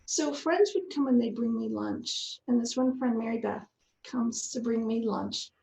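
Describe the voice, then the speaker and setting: Woman, faith testimony, gravelly fry, fairly high pitch, roomy echo. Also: unhurried, mellow, a little hiss or hum. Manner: earnest, heartfelt storytelling. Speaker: guest speaker.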